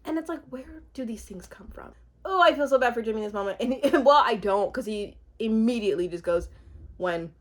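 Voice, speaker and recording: A woman's voice: a little high, brisk. A woman giving a casual, chatty recap of a reality show, laughing often as she talks. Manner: chatty, giggly and expressive, with frequent laughs. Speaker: TV recap vlogger.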